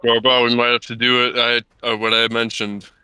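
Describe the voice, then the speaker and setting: A man's voice: medium pitch, flat delivery, moderate pace, bright, forceful tone, clean tone, no echo, faint music behind. A man playing a tabletop game online, talking in a laid-back, hesitant way. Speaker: player. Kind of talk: casual chat while playing a tabletop game.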